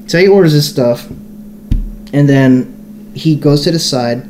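A man's voice: a little high, unhurried, darkish tone, soft background music. A young man co-hosting a podcast, telling a long story in a casual, profane, rambling way full of fillers. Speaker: podcast co-host.

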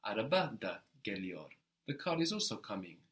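His pitch fairly low but swinging widely, and his tone fairly bright, a man tutors a single student in a language, patient in his explanations and often checking with a quick question.

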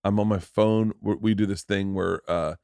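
Host, middle-aged man, gravelly mid-pitch voice, dry close sound, rambling storyteller. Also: moderate pace, no room sound. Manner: animated storyteller, swears often, acts out quotes. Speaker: podcast host. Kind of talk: casual chat.

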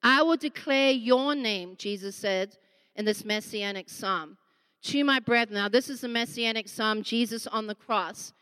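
A woman preaching a sermon, impassioned and emphatic, slowing down to stress key words. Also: fairly high pitch, a bit bright, clean tone. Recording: long reverb of a large hall.

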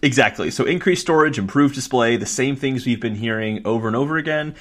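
A man co-hosting a casual gaming podcast, chatty and quick to laugh. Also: medium pitch. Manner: laughs easily, animated. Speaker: podcast co-host.

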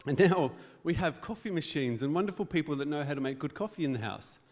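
A man's voice: on the high side, expressive, fast. A man preaching a sermon as pastor, in a conversational, joking way with rhetorical questions. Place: church hall.

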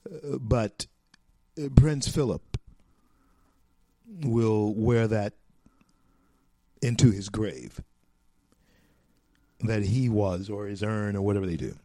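Folksy preachy American talk host. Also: male voice, on the low side, mellow, no echo, studio quality. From United States. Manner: folksy, preachy, repeats himself, drawn-out emphatic phrases. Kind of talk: opinion monologue.

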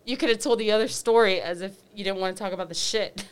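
A woman's voice: medium pitch, quick pace, slight background noise. Chatty woman in loose banter. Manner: chatty, teasing, laughs often. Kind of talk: casual chat over drinks.

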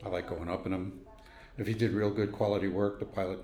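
Recorded in a room with noticeable echo, this older man from Brooklyn, New York, talks quickly in a low, mellow voice with a level tone. He's reminiscing about growing up for an oral history, chuckling as he voices the characters in his anecdotes.

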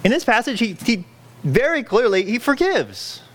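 A pastor preaches a sermon in an extremely high voice with big swings in pitch, speaking at normal speed. He sounds earnest and pleading, often restarting and correcting his phrases as he works through a scripture passage.

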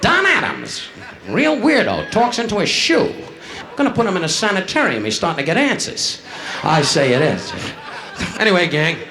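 A man's voice: sits high, big pitch swings, moderate pace, a bit bright. A man doing live insult comedy, brashly heckling people in the audience. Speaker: stand-up comedian. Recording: noisy 1960s live club recording. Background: audience laughter.

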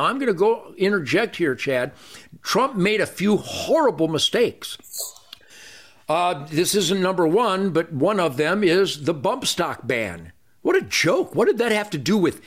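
Male podcast guest, high-pitched and very animated, profane ranter. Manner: loud, emphatic with sudden drops. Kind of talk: podcast interview.

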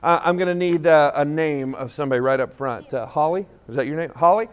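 A man with a high-pitched voice gives an animated talk in a school assembly hall. He tells stories, acts out the dialogue, and gets the crowd to chant lines back to him. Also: brisk, clean tone. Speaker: motivational school speaker. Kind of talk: storytelling speech with call-and-response.

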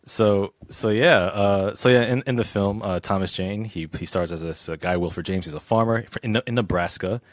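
A man reviewing a film in casual chat, halting and repeating words, with frequent laughs. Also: on the low side, no echo, clean studio sound.

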